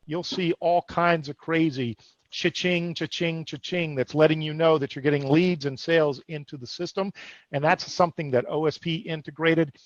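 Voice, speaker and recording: A man hosts a live sales show over a video call with an upbeat, hype-driven pitch. His voice sits a little high. The sound is dull and dry. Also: no room sound. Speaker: host.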